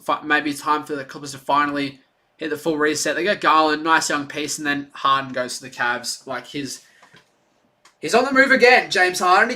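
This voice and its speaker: A man's voice: fairly high pitch, sharp tone. A man giving casual, rambling live play-by-play commentary on a stream, chatty and full of fillers. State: out of breath.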